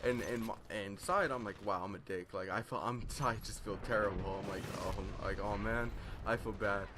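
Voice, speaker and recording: A man's voice: fairly low pitch, moderate pace, noisy background. A teenage boy telling a rambling story in casual chat over gameplay, full of fillers and self-deprecation. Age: teens. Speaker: gaming vlogger.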